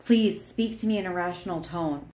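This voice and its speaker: A gentle partner who keeps her tone level and asks politely, as a woman acts out the scene. The voice sounds careful and apologetic. It rings a little in an echoey room. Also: on the low side, moderate pace, a little hiss or hum, lightly acted. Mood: pleading. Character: calm, pleading partner trying to stay polite. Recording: roomy echo.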